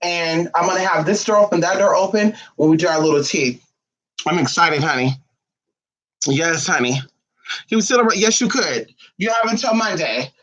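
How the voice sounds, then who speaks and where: A spiritual vlogger in casual chat with viewers, sassy, brash and profane, with sudden high outbursts. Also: moderate pace, a bit bright. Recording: distant, dull lo-fi sound.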